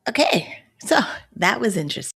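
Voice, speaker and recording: A woman hosts a casual livestream, slightly out of breath. Her voice has a strong gravelly fry. She chats loosely and asks pointed, direct questions. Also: medium pitch, big pitch swings, moderate pace, fairly bright tone. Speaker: livestream host.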